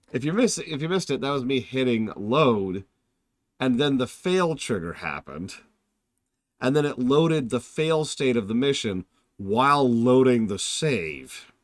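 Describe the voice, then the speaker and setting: A man giving casual, animated live-stream commentary while reviewing a game, laughing and joking at his own mishaps. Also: mid-range voice, a little slow, no room sound, clean studio sound. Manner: animated, laughing, self-mocking.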